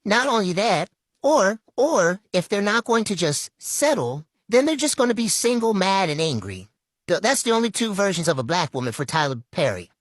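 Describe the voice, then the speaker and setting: A woman's voice: medium pitch, sing-song, moderate pace, no echo. A woman giving critical opinion commentary in an emphatic way, repeating herself for stress.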